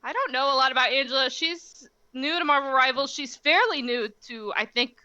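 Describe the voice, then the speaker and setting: A young woman co-hosting a casual chat, animated and full of "like" fillers, laughing often. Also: high voice, a little fast, no echo, highs cut off. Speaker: podcast co-host.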